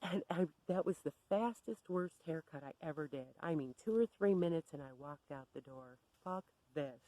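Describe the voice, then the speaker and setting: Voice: medium pitch, expressive, moderate pace, mellow, dry recording, low-quality recording. A storyteller recounting a personal story in a blunt, wry, candid way.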